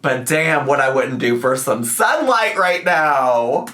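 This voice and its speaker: Bright-voiced young man rambling casually. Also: mid-range voice, animated, slow. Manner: rambling, laughs often, swears casually. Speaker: reaction commentator. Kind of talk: casual commentary.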